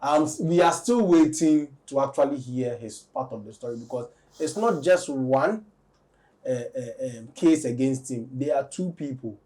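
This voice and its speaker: A man, discussing entertainment news on a talk show in a measured, deliberate way. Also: mid-range voice, lively intonation, dark tone. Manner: measured, deliberate, weighs both sides. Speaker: entertainment commentator.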